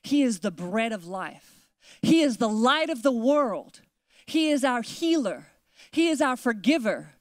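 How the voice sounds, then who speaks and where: A woman pastor delivers an emphatic sermon in a fairly high voice. She stacks repeated declarations and slows down to let key phrases land. The sound is dry and close. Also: big pitch swings, no room sound. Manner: emphatic preaching with repeated declarations, slowing for weight. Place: church.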